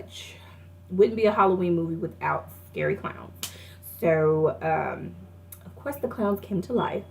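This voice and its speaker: A woman's voice: fairly low pitch, vocal fry, a little hiss or hum. A young woman casually reviewing a movie, retelling scenes in a chatty way with lots of fillers and laughter.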